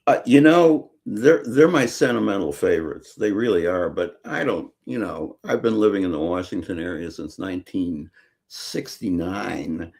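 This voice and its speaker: An older man from Chicago, a guest author talking in a casual interview, halting with many fillers and restarts. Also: low-pitched, animated, vocal fry, darkish tone.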